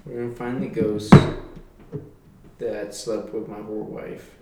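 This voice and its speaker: A man co-hosting a podcast in casual joking chat, deadpan with absurd jokes. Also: lowish voice, takes it slowly, far from the mic, heavy background noise. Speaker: podcast co-host. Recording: very echoey room, away from mic.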